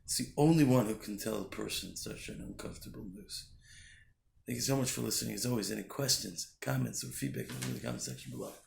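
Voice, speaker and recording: A man's voice: medium pitch, fast, creaky, echoey room, a little hiss or hum. A man giving a short weekly Torah talk, telling a story in an earnest way and often restarting his sentences. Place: Jerusalem.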